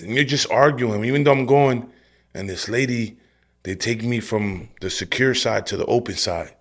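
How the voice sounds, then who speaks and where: A man in his forties tells his testimony on a podcast, direct and full of street talk. His voice sits on the low side. He tells the story with energy and acts out what he once said. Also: normal speed. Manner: animated storytelling, acting out his own past lines; streetwise, direct, says "bro" and "yo". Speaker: guest sharing his testimony. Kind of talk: personal testimony in a podcast interview.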